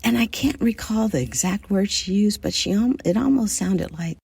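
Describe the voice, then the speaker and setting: A woman from the United States hosting a podcast, speaking in a thoughtful, measured solo monologue and addressing her listeners directly. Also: medium pitch, animated, creaky, a little mellow, husky, no echo. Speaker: podcast host.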